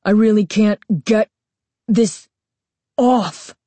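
A woman voicing a girl in a monster mask, speaking in a gruff, raspy, slow growl for a storybook reading. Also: medium pitch, mellow, no room sound. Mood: alarmed.

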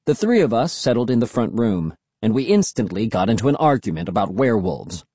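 A man reads a first-person story aloud with lively, expressive inflection. His voice is mid-pitched and slightly husky, recorded close and dry with no room sound. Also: a little fast, no echo. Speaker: audiobook narrator. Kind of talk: first-person audiobook narration.

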